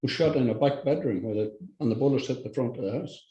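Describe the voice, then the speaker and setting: An older Irish man, a podcast guest, talking in a halting, blunt way with frequent restarts and swearing. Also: mid-range voice, dark tone, roomy sound, dull audio. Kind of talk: casual conversational interview.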